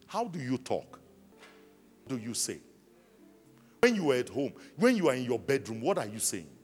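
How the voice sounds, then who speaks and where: A man preaching a sermon to his church congregation, from South Africa, calling out questions for the people to answer back. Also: medium pitch. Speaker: pastor. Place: large church hall. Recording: long hall reverb with faint music.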